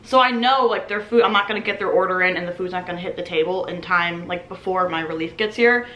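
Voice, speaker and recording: A young woman in her twenties, a restaurant server, telling a story in a casual, animated way and acting out the voices of customers. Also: lowish voice, fast talker, reverberant, lo-fi sound.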